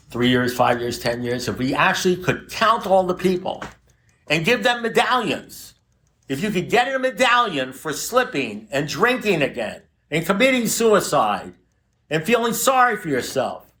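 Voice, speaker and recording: Speaking to a recovery group in a meeting room, this man in his seventies has a fairly high, sharp voice that is very animated and a little slow. He's blunt and swears freely, mixing jokes in with his warnings.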